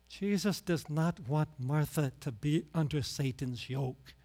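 A middle-aged male pastor giving a conversational sermon, sinking to hushed low tones and rising to loud emphasis. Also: measured pace, few pauses.

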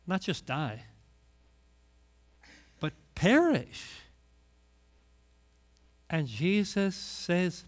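A man preaching a sermon in a high-pitched voice that rises and falls widely. He speaks slowly, retelling stories and acting out the voices in them. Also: lively intonation. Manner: storytelling, acts out quoted voices.

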